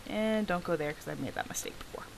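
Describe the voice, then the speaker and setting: A woman hosting a let's play, chatting casually and reacting out loud as she plays. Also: fairly low pitch, animated, fast talker, creaky, a little hiss or hum, rough recording. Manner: chatty, reacting aloud to the game. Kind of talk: casual gameplay commentary.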